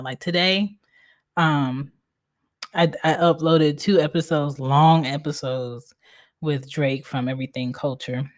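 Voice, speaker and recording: A woman's voice: deep voice, steady tone, takes it slowly. A woman in her thirties hosting a casual solo podcast from home, talking candidly and bluntly and swearing freely. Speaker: podcast host.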